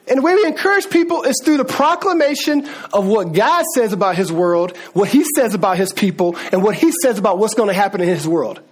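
A man preaching a sermon, animated and conversational, with sudden emphatic calls. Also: sits high, breathy edge. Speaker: pastor.

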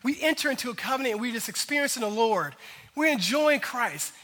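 A male pastor preaching a sermon in a casual, lively way, with slang asides to the congregation. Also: extremely high pitch, fairly quick, in a large hall.

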